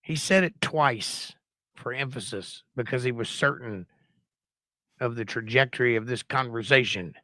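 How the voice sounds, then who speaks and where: A Southern man mocks news clips in a sarcastic, theatrical announcer style. His voice is bright and forceful. The sound is dry and close. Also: mid-range voice, unhurried, no echo. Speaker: guest commentator. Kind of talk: mocking commentary over news clips.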